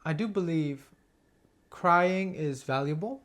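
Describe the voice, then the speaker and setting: A man, an acting student, sharing a personal memory in class, halting and hesitant with many restarts. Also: a little high, a bit bright.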